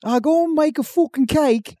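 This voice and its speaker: A high, crude mock-British baker, put on by a man who swears at every turn. The voice is dark in tone and recorded dry and close, with no room around it. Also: normal speed, no room sound. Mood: rowdy. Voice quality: high-pitched, swearing constantly. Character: crude foul-mouthed British man baking a cake.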